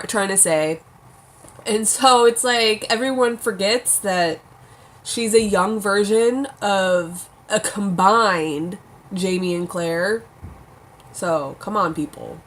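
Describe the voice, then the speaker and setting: A young woman reviews a TV episode from home in a slow, unhurried way. Her talk is casual and loose, with a lot of "like" and some light swearing. Her voice sits at a middle pitch. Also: a bit bright, a little hiss or hum. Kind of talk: casual chat.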